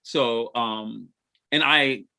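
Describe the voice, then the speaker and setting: A man's voice: medium pitch, drawn-out words, creaky, sharp tone, clean tone. A man chatting casually on a livestream, rambling with many restarts and frequent laughs. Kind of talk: casual chat.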